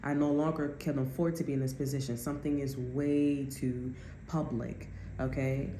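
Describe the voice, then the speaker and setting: A woman's voice: extremely low pitch, little pitch movement, moderate pace, dark tone, reverberant, a little hiss or hum. A woman giving a casual tarot reading, blunt and profane, often slipping into other people's voices. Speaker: tarot card reader.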